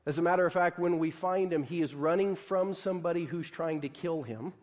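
A man's voice: fairly high pitch, fairly quick, a little mellow. A preaching man in a reverberant hall. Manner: conversational preaching with frequent "like", acted-out quotes. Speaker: pastor. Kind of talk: sermon.

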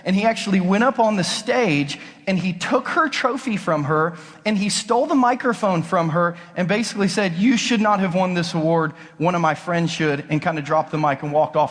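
High-voiced man preaching in a hall. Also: normal speed. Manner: conversational, emphatic preaching with rhetorical questions. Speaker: pastor. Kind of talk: sermon. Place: large church auditorium.

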